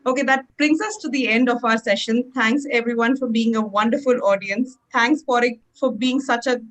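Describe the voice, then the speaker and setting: A woman with a fairly high voice hosts an online session. She thanks the guest and the audience in a polite, gracious manner. Her voice comes through a video call. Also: fairly even intonation, moderate pace, poor audio. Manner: polite, grateful wrap-up. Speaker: session host. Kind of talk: closing remarks on a video call.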